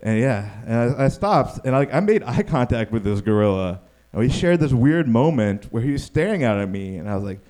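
A man's voice: mid-range voice, a little fast. Man doing a stand-up comedy set. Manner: animated, acts out quotes in yelling voices.

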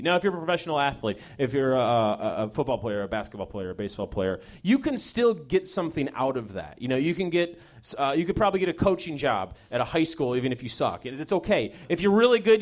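A young man hosting a show, delivering a sarcastic, profane comedic monologue that swings between mock outrage and mumbled asides. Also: on the high side. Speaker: host.

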